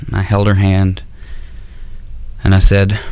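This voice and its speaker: Low-voiced stand-up comedian. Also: male voice, monotone, measured pace, clear, resonant tone, dry recording. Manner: self-deprecating, dark-humored, rambling. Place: comedy auditorium stage.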